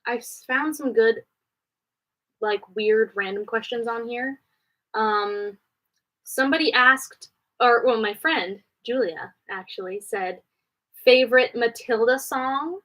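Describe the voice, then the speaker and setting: A slightly bright-voiced woman from Canada answers viewer questions during a live stream from her home studio. Her casual chat rambles from one idea to the next with quick jumps in pitch, and the audio is poor.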